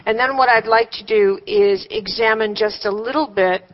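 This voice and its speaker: A woman's voice: medium pitch, normal speed, muffled recording. A woman teaching a live workshop to a seated group, conversational, with rhetorical questions and wry humor.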